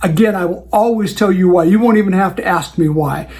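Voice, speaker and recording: Talking a little fast in a high, slightly mellow voice, the host of a wedding DJ show walks through client advice. He keeps it conversational and performs the back-and-forth he has with his clients.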